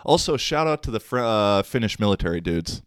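A man's voice: on the low side, big pitch swings, fairly quick, clean tone, no room sound, studio quality. A young man hosting a solo podcast, chatting casually in a slangy, rambling, self-mocking way. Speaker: podcast host.

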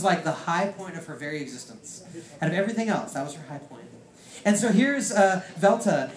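A man preaching a personal testimony, rambling with lots of "like" fillers. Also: high-pitched. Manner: rambling storyteller, heavy use of "like". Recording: roomy echo.

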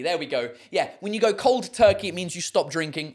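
A man's voice: fairly high pitch, animated, normal speed. A man hosting a casual livestream chat, rambling with many fillers and swearing freely. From United Kingdom. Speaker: host.

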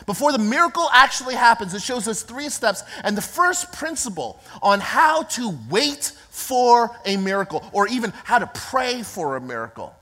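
A woman pastor preaching an emphatic, repetitive sermon that builds to shouts. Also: a little high, very animated, moderate pace, few pauses. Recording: long reverb of a large hall.

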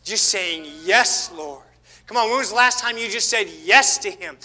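A man preaching a sermon, swinging between loud exhortation and hushed asides. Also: sits high, brisk. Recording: reverberant church hall.

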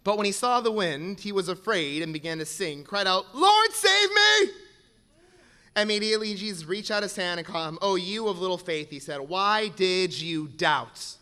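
A man preaching a sermon to a congregation, moving from quiet explanation to shouted exhortation. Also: high voice, brisk, few pauses, smooth.

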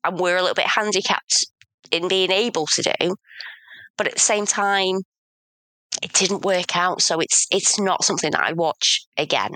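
A woman's voice: fairly low pitch, normal speed, sharp tone, no echo. A woman, co-hosting a casual film review chat, thoughtful and hedging, with self-mocking humor. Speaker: podcast co-host.

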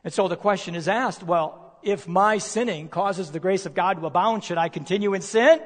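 A male preacher delivering a sermon, emphatic, posing rhetorical questions and slowing down to stress key words. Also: high-pitched. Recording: long reverb of a large hall.

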